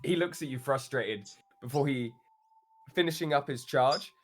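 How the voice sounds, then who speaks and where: A man narrating a tabletop game as game master, telling the action with animated flair, plenty of "uh"s and frequent laughs. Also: mid-range voice, moderate pace, a little hiss or hum. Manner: animated storytelling, laughs often, many "uh"s.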